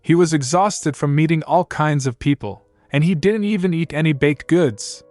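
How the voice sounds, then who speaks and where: A man voicing a booming, scolding male spirit companion in a storybook recap, barking and growling his lines. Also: normal speed, darkish tone, dry recording, soft background music, natural voice.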